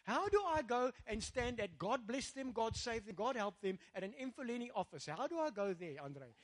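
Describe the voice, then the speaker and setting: Lively, high-voiced South African preacher. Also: male voice, moderate pace, hardly any pauses. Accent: South African English. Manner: energetic, rousing the congregation, mixing in Afrikaans phrases. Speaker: pastor. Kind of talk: sermon.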